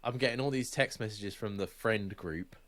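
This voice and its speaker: A man's voice: lowish voice, moderate pace, fairly bright tone. A young man co-hosting a podcast, telling stories in casual, sweary chat and laughing often. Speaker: podcast co-host.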